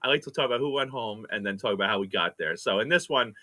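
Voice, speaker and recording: A man hosting a casual podcast chat, animated and laughing often as he talks. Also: lowish voice. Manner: laughing, animated, quick asides. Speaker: podcast host.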